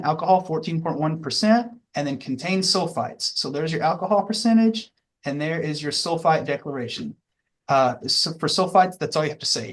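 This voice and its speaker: A man teaching a class, walking through the details in a casual, rambling way with many fillers and restarts. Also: on the high side. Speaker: instructor. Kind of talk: classroom lecture.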